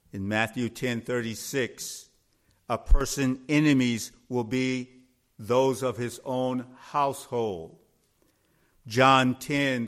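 Slow, deliberate preacher man. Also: mid-range voice. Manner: slow, deliberate preaching that rises to emphatic peaks. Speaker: pastor. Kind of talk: sermon.

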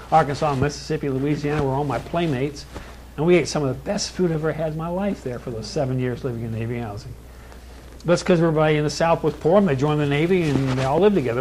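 A man preaching a sermon in a plain American voice, emphatic, building lists with rising stress and slowing down for key lines. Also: fairly high pitch, a little mellow, a little hiss or hum, low-quality recording. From born in Kentucky, raised in California.

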